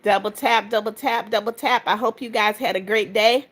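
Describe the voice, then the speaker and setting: A woman's voice: a little high, fairly even intonation, moderate pace. A woman hosting a casual livestream, reading viewer comments aloud and greeting each person by name in a chatty, affectionate way. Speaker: livestream host.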